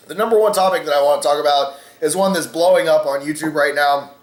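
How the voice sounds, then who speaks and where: A man's voice: a little high, fairly quick, echoey room. A man hosting a casual opinion vlog, rambling with many fillers and cussing freely. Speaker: vlogger host.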